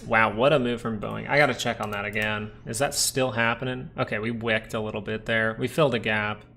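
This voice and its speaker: A man's voice: fairly low pitch, steady tone, a little fast, creaky, bright, forceful tone. A man hosting a live stock market stream, chatting casually and joking with viewers between comments on the charts.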